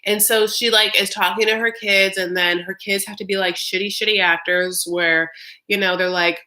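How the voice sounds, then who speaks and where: A woman in her thirties recaps a reality show live, reacting in a chatty, sarcastic way and saying "like" constantly. Her mid-range voice is bright and pushed, with fairly even intonation at a normal speed.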